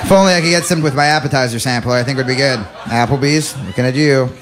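A man's voice: medium pitch, fast, noisy background. A man performing a stand-up comedy set on a club stage, sliding into mock-preachy impressions. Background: audience laughter.

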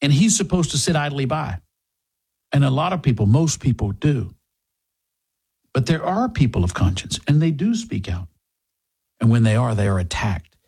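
A man's voice: medium pitch, sing-song, normal speed, pauses often, mellow, husky. A man hosting a political talk radio show, delivering an impassioned monologue full of rhetorical questions and mocking asides, then reading a sponsor spot.

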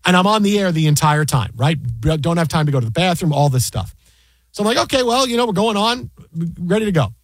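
A man who works as a sports broadcaster, casually recounting a work story in an animated, exasperated way. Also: a little high, fairly quick, no echo. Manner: animated, exasperated retelling with repeated asides. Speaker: fantasy football broadcaster.

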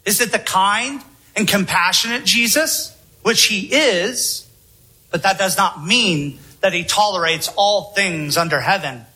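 A male preacher with a high, very bright voice and a husky edge to it. He delivers his sermon slowly and deliberately, leaning on rhetorical questions to draw the listeners in. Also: poor audio.

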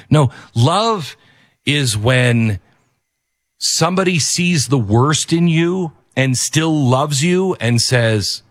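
A man's voice: mid-range voice, expressive, slow, no echo, clean studio sound. A man hosting a commentary show, talking emphatically and repeating key phrases for weight. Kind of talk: opinionated commentary.

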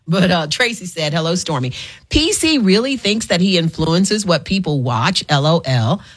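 A woman's voice: lowish voice, expressive, normal speed, breathy edge. A woman hosting a call-in radio show, playful and bossy, laughing often as she chats. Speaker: radio talk show host. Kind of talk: casual call-in chat.

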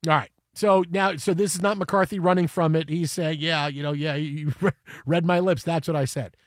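A man's voice: on the high side, steady tone, normal speed, dry recording, clean studio sound. A man hosting a sports talk show, arguing his point emphatically and repeating phrases for effect. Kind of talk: casual sports radio chat.

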